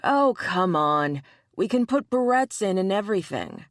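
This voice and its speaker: A woman's voice: mid-range voice, sing-song, a little slow, dry recording, studio quality. A woman voicing a mischievous male spirit bear who teases and mocks his friend, in an audiobook. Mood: teasing. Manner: teasing, mocking.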